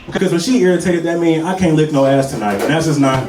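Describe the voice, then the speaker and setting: A young adult man with a fairly high, expressive voice works a comedy club stage at a quick clip, telling stories, swearing and riffing with the crowd in a loose stand-up set. It's captured from a distance in a roomy live club with background noise and the audience audible.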